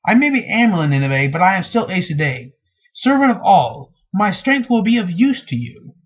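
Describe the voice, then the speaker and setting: A composed young woman leader who gives orders firmly and without hurry, read by a man. The voice sits a little high and lively, with a husky grain. The recording is dull and lo-fi. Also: moderate pace, exaggerated voice. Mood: commanding.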